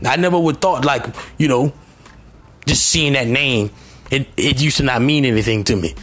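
A man giving a motivational sermon, repeating short phrases and rising to near shouts, with faint music underneath. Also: medium pitch, normal speed. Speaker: motivational speaker.

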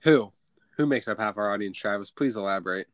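A man with a mid-pitched voice hosting a podcast, trading teasing, joking banter in casual talk. The recording is dry and close to the mic. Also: fairly quick, no echo. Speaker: podcast host. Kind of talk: casual chat.

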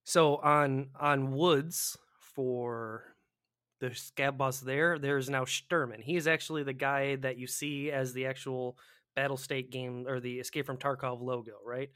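A man casually chatting about a video game with a co-host, animated and profane, often acting out panicked players. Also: mid-range voice, measured pace, no echo, clean studio sound. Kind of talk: casual gaming chat.

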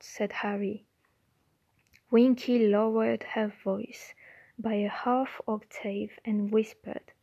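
Slow, halting woman reading a storybook. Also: mid-range voice, little pitch movement, creaky, dark tone, husky, no room sound. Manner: halting, with slips and restarts. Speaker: audiobook reader.

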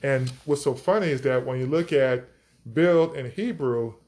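A man's voice: mid-range voice, measured pace, a little mellow. A man teaching scripture on a podcast, enthusiastic, stretching out key words for emphasis. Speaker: preacher.

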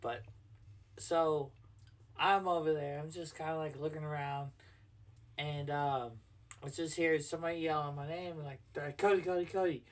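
A man's voice: on the high side, steady tone, normal speed, long pauses, distant mic. A man co-hosting a casual podcast, telling a bar story in a rambling, profane way full of "like". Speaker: podcast co-host, bar bouncer.

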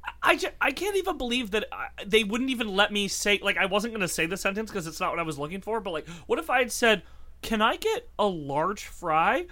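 A man's voice: high-pitched, fast talker. A man co-hosting a podcast, chatting casually and telling stories with lots of laughing, restarts and swearing. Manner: animated, laughing storyteller with frequent restarts and swearing. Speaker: podcast co-host. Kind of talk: casual chat.

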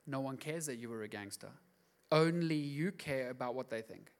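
A high-voiced man delivers a sermon from the pulpit. He talks plainly and personally, then climbs into loud, emphatic bursts. He sounds middle-aged and earnest. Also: moderate pace. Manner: passionate, rising to emphatic outbursts. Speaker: pastor.

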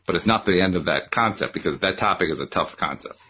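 A man reading a novel aloud as host, in an expressive, animated style. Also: low voice, fast talker, breathy edge. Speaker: audiobook reader and podcast host.

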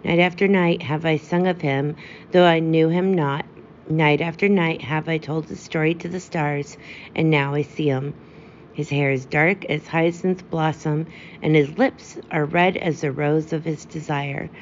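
A woman's voice: deep voice, steady tone, unhurried. A woman voicing a devoted female nightingale in a storybook reading, speaking in an earnest, lyrical way. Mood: tender. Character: devoted female nightingale, tender and self-sacrificing. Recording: dull lo-fi with faint hiss.

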